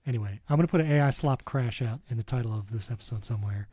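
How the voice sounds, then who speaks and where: A man co-hosting a casual tech podcast, excitable and ranting, laughing often. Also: medium pitch, rapid-fire, slightly rough, dry recording. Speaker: podcast co-host.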